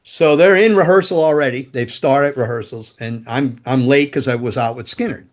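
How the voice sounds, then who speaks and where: Older man, podcast guest, swearing storyteller, animated, casual. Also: medium pitch, moderate pace. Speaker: podcast guest, former rock roadie.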